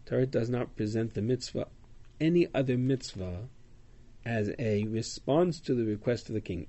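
At a moderate pace and in a warm, mid-range voice, a man leads a Torah class. His explanations of Hebrew verses and their translations come with chanted passages and many filler sounds like um and uh.

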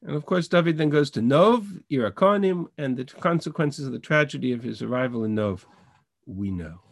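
A man's voice: mid-range voice, lively intonation, fairly quick, creaky, no room sound, clean studio sound. A man teaching a Bible class over a video call, reading verses in Hebrew and translating them with frequent restarts. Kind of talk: online text study lesson.

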